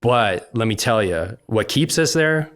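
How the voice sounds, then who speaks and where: A man's voice: on the low side, expressive, unhurried, fairly bright tone. A middle-aged man with an English-speaking Canadian accent, a podcast guest in casual conversation, outspoken and joking with lots of fillers.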